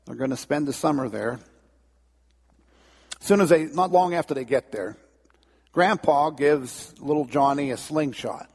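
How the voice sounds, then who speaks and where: A man's voice: fairly high pitch, a little slow, vocal fry, pauses often, husky. A man preaching a sermon in a folksy, conversational way, in a long church reverb. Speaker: pastor. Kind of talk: sermon with storytelling.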